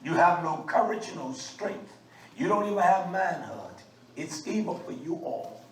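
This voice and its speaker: A man's voice: fairly high pitch, very animated, a little slow. Fiery male preacher in an echoey room. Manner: emphatic and scolding, with frequent uh fillers. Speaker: religious teacher. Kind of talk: fiery sermon teaching. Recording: echoey room, mic at a distance, faint background noise.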